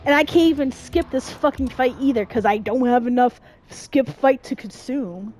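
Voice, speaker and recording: A woman's voice: high-pitched, normal speed, darkish tone, soft background music. A woman playing a fighting game and commenting casually, frustrated and swearing constantly at the game. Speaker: gamer streaming a playthrough.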